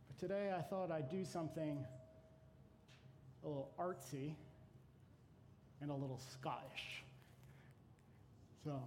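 A man who teaches Bible classes giving an unhurried, reflective devotional talk to a gathering, with hesitant fillers. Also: on the high side, a little mellow, a little hiss or hum.

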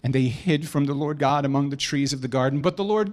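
A man's voice: mid-range voice, a little fast, a little mellow. A man preaching a sermon with emphatic delivery and playful joking asides.

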